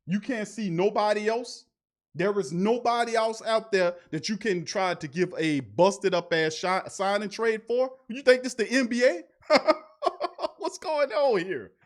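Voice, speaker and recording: A man's voice: high voice, moderate pace. A man hosting a fan sports talk show, ranting in casual slang, firing off rhetorical questions and laughing mockingly at his team's front office. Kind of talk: fan sports commentary rant.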